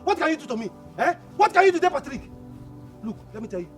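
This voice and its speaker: An actor with a Nigerian accent playing a poor, hot-tempered younger brother who stammers and repeats himself, in a film drama. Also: male voice, very high voice, big pitch swings, fast talker, faint music behind. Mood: angry ranting. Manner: stammering, repeats words, challenging.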